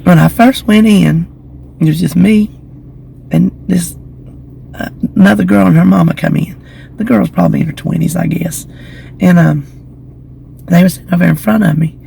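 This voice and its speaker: A slightly hoarse woman, chatting to her phone camera outdoors in the shade and telling gossipy stories. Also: lowish voice, moderate pace, pauses often, mellow, a little hiss or hum, low-quality recording. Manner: chatty, gossipy storytelling with giggles. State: slightly hoarse from lingering illness. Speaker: vlogger. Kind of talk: casual chat to camera. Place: outdoors in the shade beside a building.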